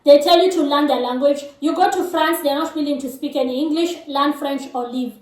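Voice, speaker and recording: A woman's voice: sits high, a little fast, darkish tone. A woman from Kenya with a Kenyan accent, whose first language is Kikuyu, giving frank, direct advice to her viewers in a casual vlog. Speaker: vlogger. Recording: echoey room, mic at a distance.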